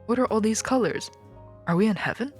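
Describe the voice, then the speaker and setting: A woman's voice: medium pitch, expressive, a little fast, darkish tone, husky, soft background music, voice pushed up. A woman reading aloud, voicing a dreamy young male mouse in a storybook. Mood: wondering.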